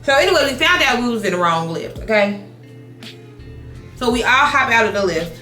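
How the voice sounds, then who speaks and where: A woman in her thirties telling a casual storytime while doing her makeup, animated, swearing, restarting her sentences. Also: on the high side, moderate pace, reverberant, soft background music. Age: 30s. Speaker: beauty vlogger. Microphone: compact camera mic.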